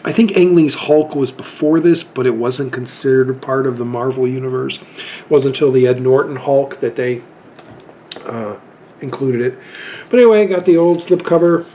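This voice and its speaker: A man's voice: medium pitch, normal speed, dark tone, slight background noise. Rambling man in his fifties. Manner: rambling, anecdotal storytelling. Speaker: film collector vlogger. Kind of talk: casual chat.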